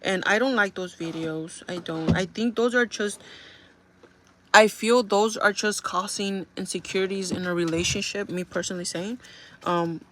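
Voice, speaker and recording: A young woman talks casually to her viewers in a mid-pitched voice. She rambles and circles back, filling her sentences with "like" and "you know" as she tells a story. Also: moderate pace, fairly bright tone, a little hiss or hum. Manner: rambling, filler-heavy storytelling with frequent "like". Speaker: vlogger. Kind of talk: casual chat.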